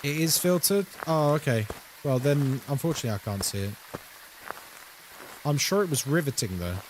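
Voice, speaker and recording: A man's voice: on the high side, lively intonation, moderate pace, a little hiss or hum. A young man streaming a horror game, chatting casually and playfully with his viewers as he plays. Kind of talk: casual live-stream chat while gaming.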